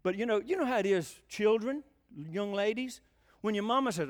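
A man's voice: high-pitched, lively intonation, moderate pace. An older man preaching a sermon in a folksy way, often asking the congregation questions.

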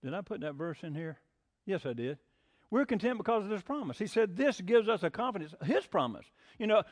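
An older man preaching a folksy sermon as pastor, mixing homespun jokes with emphatic preaching. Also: high-pitched. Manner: homespun, jokey asides, rising to emphatic preaching.

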